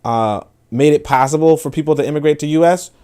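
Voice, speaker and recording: A man's voice: fairly high pitch, fast, dark tone, smooth. A man giving casual, profane commentary on online clips, rambling and full of filler words.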